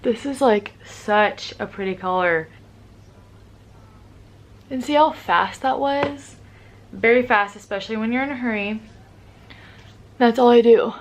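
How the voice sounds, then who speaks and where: A woman's voice: fairly high pitch, measured pace, long pauses, slight background noise. Young woman, upbeat beauty vlogger, casual tutorial chat. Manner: chatty, upbeat, says "like" often.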